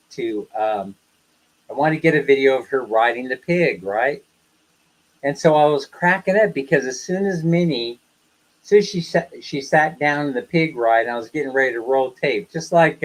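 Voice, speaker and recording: A chatty older man from the West hosts a casual livestream, telling stories, laughing often and acting out what people said. His voice is mid-range, and the recording is low quality.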